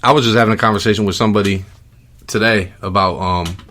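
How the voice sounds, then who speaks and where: A middle-aged man hosting a podcast in casual chat, relaxed and rambling with lots of fillers. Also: lowish voice, quick pace. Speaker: podcast host.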